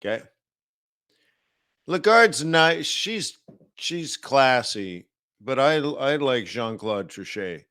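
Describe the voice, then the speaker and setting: A man's voice: medium pitch, animated, slow, long pauses, a bit bright, clean tone, no room sound, clean studio sound. A man hosting a live market-analysis stream, talking casually and rambling with many fillers and restarts.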